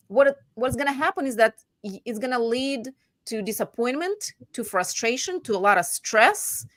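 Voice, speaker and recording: A woman real estate agent chatting casually about home buying, animated and voicing her clients' lines. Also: on the high side, unhurried, no room sound, clean studio sound. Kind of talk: casual chat.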